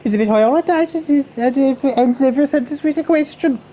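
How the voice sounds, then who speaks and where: A man putting on a high, sing-song Cork accent, lifting every sentence up like a question. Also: fast, lo-fi sound, a little hiss or hum. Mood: playful.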